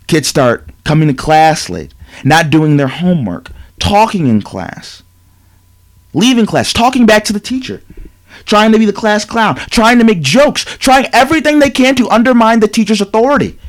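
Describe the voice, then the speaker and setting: A man's voice: high-pitched, sing-song, moderate pace. A man hosting a sports talk show, giving an emphatic, lecturing commentary monologue full of repetition.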